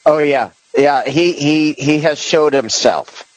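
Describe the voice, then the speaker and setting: A man's voice: a little high, slow pace, no room sound, poor audio. A man hosting a podcast in casual political chat, rambling with many restarts and fillers. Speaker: podcast host.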